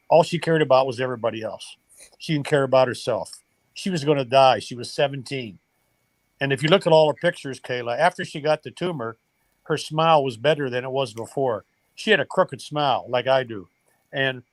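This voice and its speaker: A man's voice: medium pitch, no room sound. An older man, a former baseball coach, earnestly telling a family story in a podcast interview. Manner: emotional, earnest storytelling with quoted dialogue. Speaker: guest, retired baseball coach.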